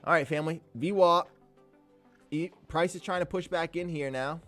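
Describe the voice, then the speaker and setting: A man hosting a live trading stream, giving casual, energetic commentary full of slang, occasional swearing and shout-outs to viewers. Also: fairly high pitch, moderate pace, soft background music. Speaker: livestream host and day trader.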